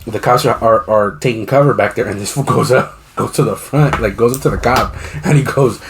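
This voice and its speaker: A man's voice: medium pitch, fairly quick, slight background noise. A man co-hosting a podcast in casual chat, telling stories with a lot of slang and swearing. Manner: profane, animated storytelling with slang. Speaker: podcast co-host.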